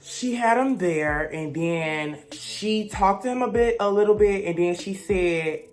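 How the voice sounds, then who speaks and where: A woman's voice: mid-range voice, a little slow, a little mellow, faint music behind. A young woman, telling a blunt, gossipy storytime rant as a vlogger.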